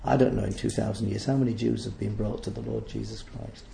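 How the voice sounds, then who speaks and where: A man's voice: lowish voice, steady tone, quick pace, gravelly, roomy sound, background noise. A man preaching a sermon in a church, speaking emphatically and repeating phrases for stress.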